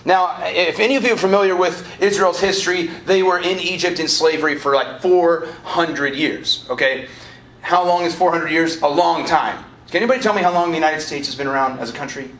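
A man with a fairly high, animated, fairly bright voice preaches a little fast at a live college sermon. As ministry director, he talks conversationally, cracks jokes, and leads call-and-response with the students. The lecture hall or auditorium sounds roomy, with faint background noise.

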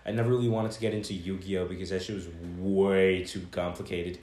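A man's voice: deep voice, level tone, brisk, a little mellow. A young man co-hosting a podcast, telling rambling stories and swearing a lot in casual chat. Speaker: podcast co-host. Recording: echoey room.

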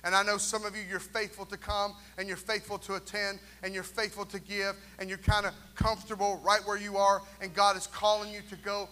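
A man preaching a lively sermon in a church, joking with the congregation and calling for responses. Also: sits high, brisk, hardly any pauses. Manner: animated preaching with jokes and call-and-response asides. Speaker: pastor. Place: church sanctuary.

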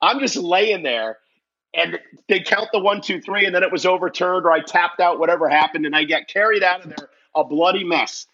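A man, a wrestling commentator and guest, telling a personal anecdote in a lively way and laughing often. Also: sits high, a little fast, muffled recording.

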